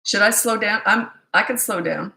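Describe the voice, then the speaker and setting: Fast-talking older woman, echoey room. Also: medium pitch, creaky, bright, forceful tone. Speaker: parenting coach. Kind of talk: live-stream Q&A.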